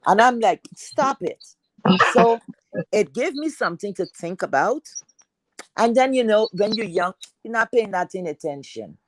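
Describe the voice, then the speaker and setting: A woman with a deep, heavy voice telling a personal story in a chatty, rambling way, full of fillers. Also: lively intonation, normal speed, a little hiss or hum, poor audio.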